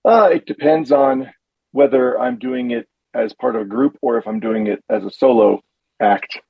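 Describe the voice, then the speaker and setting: Gravelly man telling his story. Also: mid-range voice, normal speed, no room sound, phone-quality sound. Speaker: panel guest, description narrator. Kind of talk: conversational storytelling.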